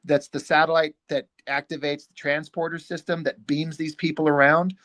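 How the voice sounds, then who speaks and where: A man's voice: on the high side, moderate pace. A man in his thirties, a comic book creator, chatting casually and animatedly, acting out what he says to himself and his friends. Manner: animated, acts out his own quoted thoughts.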